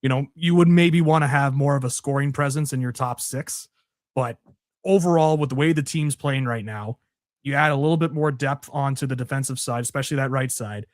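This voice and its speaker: Man, easygoing sports co-host, dry wit, mid pitch, close dry recording. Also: a little fast, no room sound. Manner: easygoing, dry quips, hedging with fillers. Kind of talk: casual sports chat.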